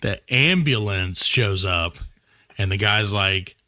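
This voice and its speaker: A man's voice: lowish voice, takes it slowly, pushed and bright, no room sound, studio quality. A man co-hosting a comedy podcast, chiming in with jokes and mock voices. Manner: jokey interjections, puts on mock voices. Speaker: podcast co-host. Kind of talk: casual comedic banter.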